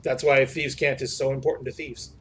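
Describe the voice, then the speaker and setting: A man's voice: mid-range voice, little pitch movement, breathy edge, soft background music. A man running a tabletop game as game master, chatting casually and describing scenes. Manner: casual, loose and swearing, with quick scene descriptions.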